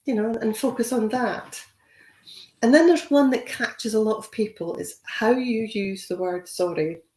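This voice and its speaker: A woman's voice: fairly high pitch, measured pace, a little mellow, reverberant. A woman giving a conversational training webinar, encouraging and full of "you know" fillers. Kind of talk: webinar talk.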